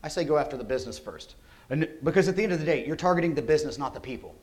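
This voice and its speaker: A man giving a security conference talk, energetic and conversational, often asking rhetorical questions. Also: fairly high pitch, racing. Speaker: conference speaker. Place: conference hall.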